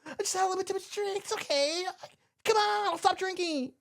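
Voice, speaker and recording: A man's voice: very high-pitched, a little fast, creaky, a bit bright, pitched above the performer's own voice, full character voice. A man voicing a drunk young nightclub patron who whines in protest. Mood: pleading.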